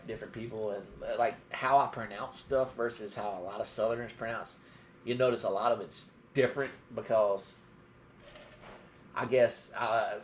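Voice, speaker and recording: A middle-aged man from Georgia with a mild Southern drawl rambles through stories in a casual live-stream chat. His lowish voice is a little mellow, with slight background noise.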